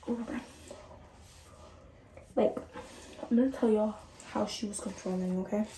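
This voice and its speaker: A woman's voice: mid-range voice, normal speed, slight background noise. A woman in her late teens chatting to viewers in a casual storytime while doing her skincare. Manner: chatty, animated, addresses viewers directly. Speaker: vlogger. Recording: roomy and distant from the mic.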